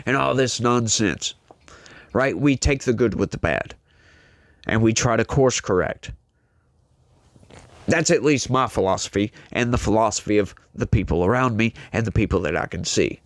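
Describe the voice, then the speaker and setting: A man's voice: lowish voice, moderate pace, dry recording. A man hosting a political commentary show, delivering an opinionated monologue straight to his audience in an emphatic, preachy way.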